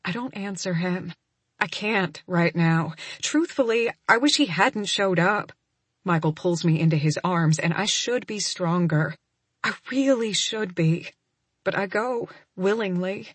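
Husky woman reading a romance. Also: fairly low pitch, unhurried, dry recording. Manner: intimate, emotional reading. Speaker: audiobook narrator. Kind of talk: first-person romance narration.

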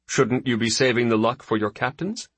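A man voicing a seasoned male fleet admiral who speaks in a measured, wry way. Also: mid-range voice, a bit bright, no room sound, voice pushed up, close to an everyday voice.

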